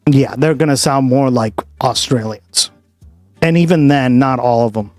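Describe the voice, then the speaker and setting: A man's voice: mid-range voice, moderate pace, a little mellow, no echo, soft background music. A man hosting a livestream, chatting casually and profanely with his viewers. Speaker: livestream host. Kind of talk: casual stream chat.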